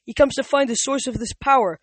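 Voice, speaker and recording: An amateur reader voicing the ghost of the young hero Theseus, a lifeless and fearful spirit, read slowly with some faltering. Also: mid-range voice, steady tone, no echo, lightly acted. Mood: hollow, fearful. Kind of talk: amateur audiobook reading.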